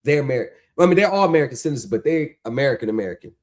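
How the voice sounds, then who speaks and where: A man hosting a livestream, talking in an animated, mocking rant that is full of profanity and rhetorical questions. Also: mid-range voice, racing. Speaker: stream host. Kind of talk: ranting livestream talk.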